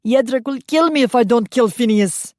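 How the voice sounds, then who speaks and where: A woman voicing a desperate male vampire duelist who shouts and is out of breath. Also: on the low side, a little fast, husky, no echo, clean studio sound.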